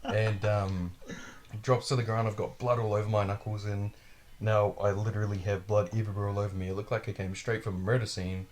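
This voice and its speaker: Guy hosting a podcast, kinda low voice, swears a ton, animated storytelling. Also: a little fast. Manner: profane, animated, acts out quotes. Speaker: podcast host. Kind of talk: casual storytelling.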